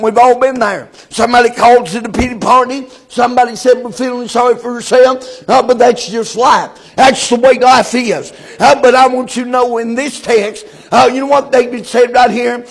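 A man preaching a sermon, in a chanting cadence full of "uh" fillers, sometimes shouting. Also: very high-pitched, vocal fry.

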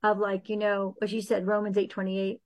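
A woman speaking as a guest in a faith-based conversation about healing, earnest and animated. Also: medium pitch, a little fast. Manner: earnest, animated, acts out quoted prayers.

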